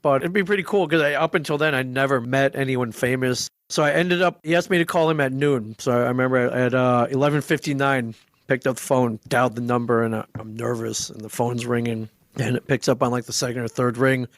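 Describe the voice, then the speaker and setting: A man in his forties telling a story casually as a podcast guest, acting out the quoted dialogue in an animated way. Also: mid-range voice, fairly quick, no room sound, studio quality.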